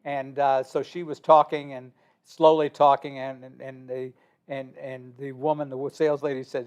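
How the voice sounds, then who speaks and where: An older man, a book author talking as an interview guest in a halting way, with frequent restarts and repeated words. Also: mid-range voice, level tone, clear, resonant tone. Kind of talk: casual conversational interview.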